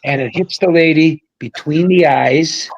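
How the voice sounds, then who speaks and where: Older guy, slightly high voice, spinning a wild salty story, very animated. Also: unhurried, muffled recording. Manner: animated, profane anecdote-telling. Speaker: guest, former pro bowler. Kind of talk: casual storytelling.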